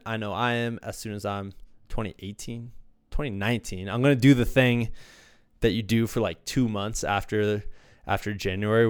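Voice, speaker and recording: A man's voice: lowish voice, clear, resonant tone, no echo. Laid-back podcast host guy, rambly, lotsa ums, dry close mic. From Iowa. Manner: relaxed, rambling, lots of fillers. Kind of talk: casual podcast chat.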